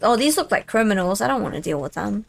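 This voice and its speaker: A young woman streams a game, chatting while she plays and reading the on-screen text aloud. Her medium-pitched voice is creaky, very animated and quick, and she's chatty and easily distracted.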